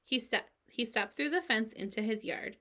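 A woman reads a children's novel aloud with an expressive, lively delivery. Her voice sits a bit high, and she switches into character voices readily. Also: normal speed. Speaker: narrator.

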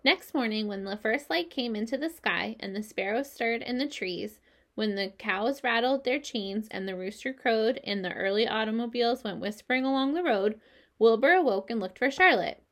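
Woman, slightly high voice, calm storybook narrator. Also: normal speed. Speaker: audiobook narrator.

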